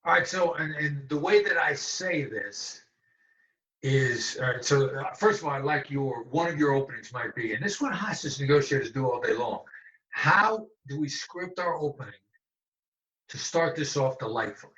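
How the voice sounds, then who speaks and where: A man's voice: medium pitch, expressive, normal speed, sharp tone. A man in his sixties, a guest negotiator, explaining in an emphatic way and repeating phrases for stress, heard over a remote call. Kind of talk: conversational interview. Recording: echoey room, dull lo-fi sound.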